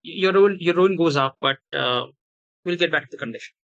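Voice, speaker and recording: Bright-voiced man running a horror game. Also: a little high, gravelly, muffled recording. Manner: halting, many restarts and fillers while improvising. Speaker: game master. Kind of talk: narrating a tabletop horror game.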